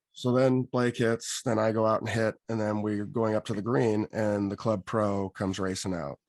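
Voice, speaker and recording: A man hosting a podcast, telling an animated story and acting out what people said. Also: lowish voice, unhurried, vocal fry, no echo, studio quality. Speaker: podcast host. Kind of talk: casual storytelling.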